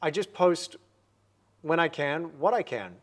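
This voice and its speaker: A man's voice: a little high, lively intonation, measured pace. A man in his forties hosting a livestream, painting while chatting upbeat and answering viewer comments.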